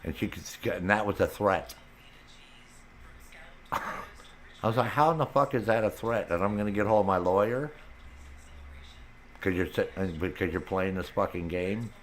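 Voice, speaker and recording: A man's voice: low voice, a little hiss or hum. A man streaming a video game, venting angrily in casual talk with constant swearing. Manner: angry venting, heavy swearing. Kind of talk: casual chat while gaming.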